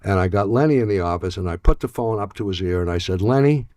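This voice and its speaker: An older man telling a story in an archive clip, halting and repeating words, with a dry sense of humor. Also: deep voice, darkish tone, dry recording. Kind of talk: storytelling anecdote.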